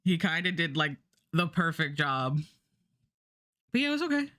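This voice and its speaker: A woman's voice: deep voice, big pitch swings, moderate pace, a bit bright, no echo, clean studio sound. A woman streamer chatting casually and rambling, with many fillers and restarts. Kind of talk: casual livestream chat.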